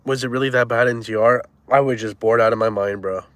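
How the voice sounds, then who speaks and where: A man's voice: mid-range voice, fairly even intonation, fast, fairly bright tone, no room sound. A man in his twenties chatting casually on a live stream in loose, crude, slang-heavy banter. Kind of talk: casual chat.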